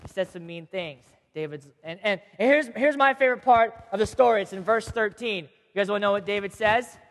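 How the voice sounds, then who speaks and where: A man teaching a group of kids, telling a Bible story in a chatty, animated way and checking in with them often. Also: high-pitched, a little fast. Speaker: youth teacher. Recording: long hall reverb.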